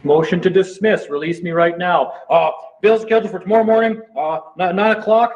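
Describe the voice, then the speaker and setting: A man's voice: high voice, steady tone, brisk, a little mellow. A man telling a heated, defiant story in a casual late-night chat, swearing freely. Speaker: live stream participant. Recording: dull lo-fi sound with faint noise.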